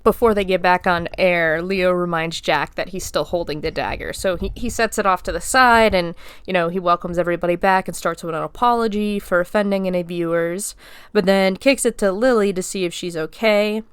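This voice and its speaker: A woman's voice: fairly low pitch, a little fast, smooth, no room sound, clean studio sound. A woman hosting a podcast, casually recapping a movie scene by scene, chatty and swearing freely as she acts out the quotes. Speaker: podcast host.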